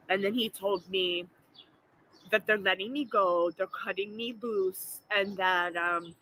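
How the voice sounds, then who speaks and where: A tearful woman in her forties vents into her phone, swearing often through her upset in an emotional vlog monologue. Her voice is bright and sharp-edged, and faint noise sits behind it. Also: medium pitch, poor audio. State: crying. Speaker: vlogger.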